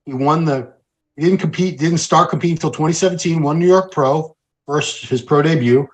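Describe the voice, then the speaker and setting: A man's voice: a little high, brisk. A man hosting a casual chat, easygoing and conversational. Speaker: host.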